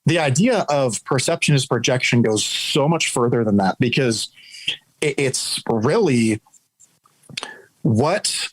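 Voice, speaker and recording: A man's voice: mid-range voice, animated, takes it slowly, breathy edge, no echo, poor audio. A man being interviewed as a guest, telling a story in a conversational, earnest way to explain an idea.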